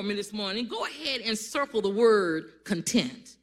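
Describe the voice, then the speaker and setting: A pastor preaching a sermon to a congregation, calling on people to answer back and building up to loud, emphatic lines. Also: mid-range voice, animated, normal speed. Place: church service before a congregation.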